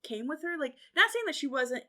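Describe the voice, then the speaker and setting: A woman guest on a book podcast, animated and quick, laughing easily. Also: sits high. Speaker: guest reader. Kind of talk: casual book discussion.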